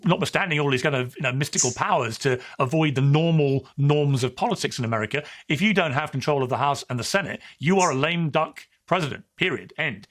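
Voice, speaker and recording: A man hosts a political interview and asks probing questions. He speaks at a brisk clip. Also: on the high side, lively intonation, a bit bright. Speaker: interview host.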